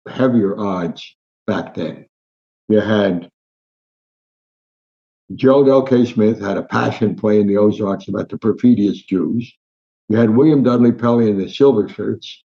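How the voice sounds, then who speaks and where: An older Newark, New Jersey man, a sports columnist appearing as an interview guest, tells anecdotes in a rather low voice. He's an animated raconteur who acts out the voices of the people he quotes. The lo-fi recording sounds slightly dull.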